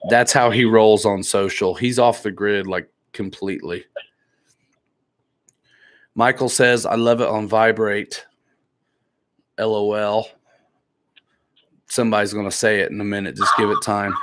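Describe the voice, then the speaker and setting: A man with a somewhat low voice hosts a casual live stream, chatting easily and joking around. He reads viewer comments aloud and teases the people in the chat. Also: steady tone, unhurried, pauses often, fairly bright tone. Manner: joking, laid-back, teasing viewers.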